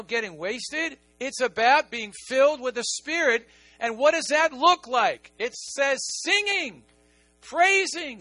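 High, bright-voiced pastor preaching. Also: male voice, dry recording. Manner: animated, swings between quiet asides and excited emphasis. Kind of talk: sermon.

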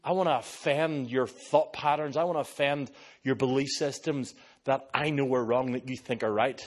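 An Irish pastor with a mid-range voice preaches at a normal speed. He tells stories animatedly during the sermon, slipping into the voices of other people.

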